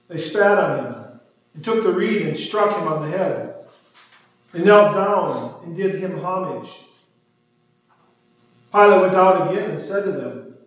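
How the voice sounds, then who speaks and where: High-voiced man reading scripture in an echoey hall. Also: measured pace. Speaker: scripture reader. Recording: very echoey room, distant mic.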